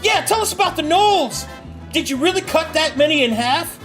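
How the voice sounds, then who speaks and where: A game master doing a squeaky hyper little gnome. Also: animated, a bit bright, faint music behind. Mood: eager. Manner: squeaky, gushing, rapid bursts. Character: excitable tiny gnome man, hyper and blunt. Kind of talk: voicing a character in a tabletop game.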